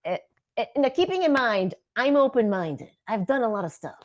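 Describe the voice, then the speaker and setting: A woman chatting on a video call, telling a story with lively acted-out quotes. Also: a little high, normal speed, dull audio. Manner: animated storytelling, acts out quotes loudly. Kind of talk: casual chat.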